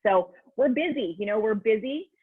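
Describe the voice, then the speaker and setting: A woman in her thirties, a business coach, telling her story in a chatty, excitable way with lots of fillers. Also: fairly high pitch, normal speed, husky. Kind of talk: casual personal testimonial. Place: at home. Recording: tinny phone-like line.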